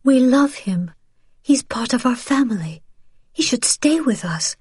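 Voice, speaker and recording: A woman's voice: on the high side, animated, unhurried, a little mellow, slightly rough, no echo, voice pushed up. A woman voicing an earnest, pleading young mother.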